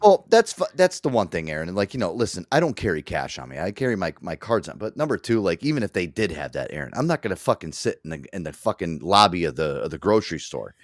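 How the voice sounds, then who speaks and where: A man hosting a talk show, telling a story in a loose, profane, animated way. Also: sits low, fast talker, few pauses, no echo, clean studio sound. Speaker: radio show host. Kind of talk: casual chat.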